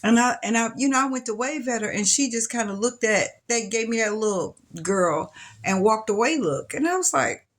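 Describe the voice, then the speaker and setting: A young adult woman telling her own life story in an interview, chatty and loose, rising much higher when she quotes her younger self. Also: lively intonation, normal speed. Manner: loose, chatty, many fillers and restarts. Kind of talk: personal storytelling.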